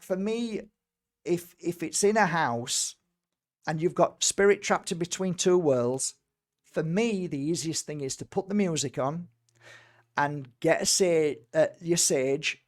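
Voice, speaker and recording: Man, high voice, spiritual healer, casual storytelling, emphatic, repeats words. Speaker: spiritual healer and medium, guest.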